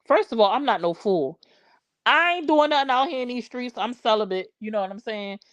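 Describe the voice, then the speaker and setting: A woman's voice: on the high side, animated, fairly quick, dry recording, lo-fi sound. A woman in her forties tells a personal story casually on a live stream, full of slang and greeting viewers mid-story.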